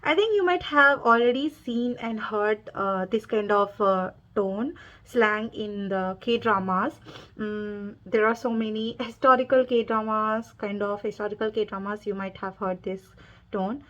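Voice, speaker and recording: A woman's voice: medium pitch, measured pace, fairly bright tone. A woman explaining dialect examples in a casual, hesitant way, with bursts of enthusiasm. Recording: dull lo-fi sound.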